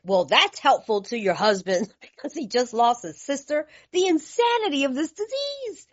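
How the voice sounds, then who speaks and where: A woman from California sharing her story at a recovery meeting, blunt, animated and laughing, with streetwise talk. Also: high voice, normal speed. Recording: dull lo-fi recording.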